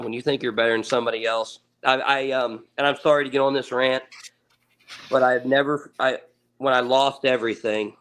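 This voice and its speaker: A man in his thirties, a guest on a podcast, telling a story in an earnest, casual way, repeating words and swearing offhandedly. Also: mid-range voice. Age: 30s. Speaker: podcast guest, ATV racer.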